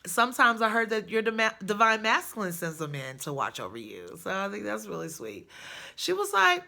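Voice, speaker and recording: A woman telling a personal story in a chatty, animated way, jumping high with excitement in places. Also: brisk, vocal fry.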